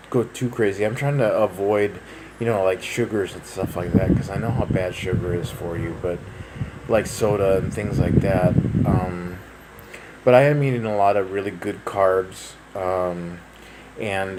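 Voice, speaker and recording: A man in his thirties talks through a casual personal update in a lowish voice, with plenty of ums and restarts. The recording is noisy, with a clear hum of background noise under his voice. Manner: rambling, many fillers and restarts. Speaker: vlogger.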